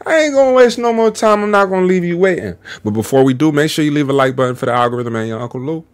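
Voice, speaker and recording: An animated man reacting to a clip, his voice climbing and swooping with expression and set a touch high for a man. He talks in loose, slangy commentary with quick laughing asides. The sound is close and dry, with no room around it. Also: clean tone, no echo. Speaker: reaction video host. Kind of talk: casual commentary.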